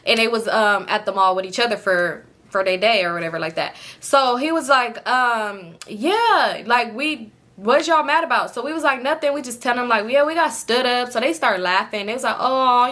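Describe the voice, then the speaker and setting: A young woman, telling a story to her viewers in an animated, profane, casual way. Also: on the high side. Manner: animated, profane, quotes people in lively voices.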